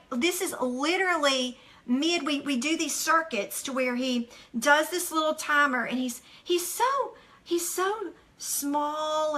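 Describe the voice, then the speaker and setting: Bright, lively woman telling a story. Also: high voice. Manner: animated storyteller, chatty with many fillers. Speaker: devotional speaker. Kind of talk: casual devotional talk.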